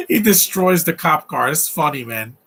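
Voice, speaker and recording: A man talks loosely over a film as it plays, rambling from one point to the next and laughing at the scenes. His voice is bright and forward, with a husky edge. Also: fairly high pitch. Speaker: film commentator. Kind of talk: casual live movie commentary.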